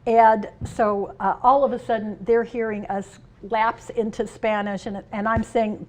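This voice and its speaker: A middle-aged woman, a union president, giving a conference speech. She tells humorous personal stories with shifts between loud and soft. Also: a little high, little pitch movement, measured pace, few pauses. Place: conference hall.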